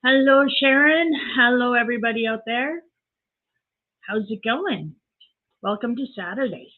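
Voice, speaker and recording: A woman's voice: fairly high pitch, normal speed. Canadian lady chatting on her live stream, saying hi to folks by name, tinny sound. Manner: chatty, greets viewers by name. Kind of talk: casual live chat. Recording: tinny phone-like audio.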